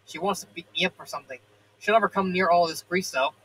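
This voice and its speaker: A man's voice: sits high, quick pace, a bit bright, a little hiss or hum, poor audio. A man reading a cocky, tomboyish young filly in a storybook fan fiction reading. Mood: brash. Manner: cocky and jumpy.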